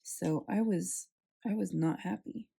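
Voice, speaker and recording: A young woman chatting casually while setting up her planner, telling a story with animated, sarcastic quoted voices. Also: lowish voice, a little slow, gravelly, husky. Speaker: planner vlogger.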